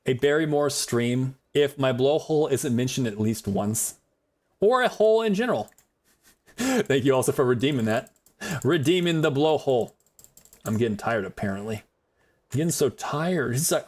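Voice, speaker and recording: Male streamer who talks nonstop over gameplay, laughs a lot, animated up-and-down delivery. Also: mid-range voice, fairly quick. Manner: chatty rambler, calls himself a yapper; giggly, laughs often. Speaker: game streamer. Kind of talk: casual live gameplay commentary.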